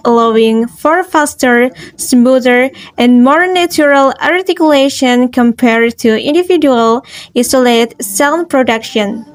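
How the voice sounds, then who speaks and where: A woman student reading a class presentation on phonology, slowly and carefully, stretching out her example words. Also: sits high, no room sound.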